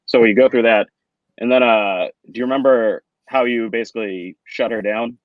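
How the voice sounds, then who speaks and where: Casting note: male co-host, mid-pitch, halting and correcting, dry muffled recording. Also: fairly even intonation. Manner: hesitant, corrects details with many fillers. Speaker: podcast co-host. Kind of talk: casual storytelling chat.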